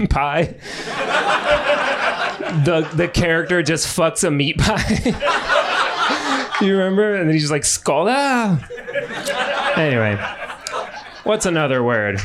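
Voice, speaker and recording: Guy in his 30s doing raunchy improv standup, slow drawl, swings his pitch all over, noisy club mic. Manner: crude, rambling, laughs at his own jokes. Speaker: stand-up comedian. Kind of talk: improvised stand-up riffing on audience suggestions. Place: comedy club stage. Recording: noisy live club recording.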